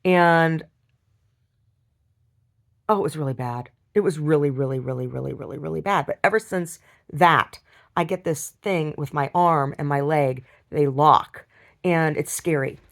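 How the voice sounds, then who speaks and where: A video diarist with a low-sitting voice tells a personal story while upset. She rambles and halts, restarting often and repeating words.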